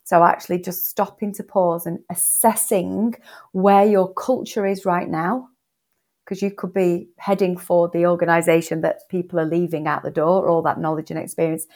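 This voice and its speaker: A woman's voice: fairly low pitch, level tone, moderate pace, darkish tone. A woman, an author and coaching guest on a podcast interview, answering earnestly and emphatically, repeating words for stress.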